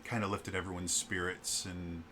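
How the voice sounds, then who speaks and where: A man narrating as game master of a tabletop game, talking in a halting, stumbling way. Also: low voice, flat delivery, pushed and bright, a little hiss or hum.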